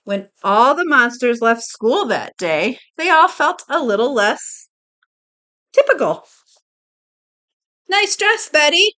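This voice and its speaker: Slow, lively woman reading a picture book. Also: fairly high pitch. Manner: slow, expressive, doing voices and pointing out pictures. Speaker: storyteller reading to a child. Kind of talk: picture book read-aloud.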